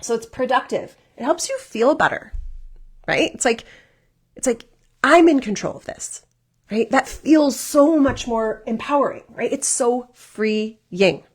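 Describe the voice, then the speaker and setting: A woman's voice: on the high side, animated, unhurried, breathy edge. A woman life coach giving a workshop talk, earnest and encouraging, often checking in with "right?" as she goes.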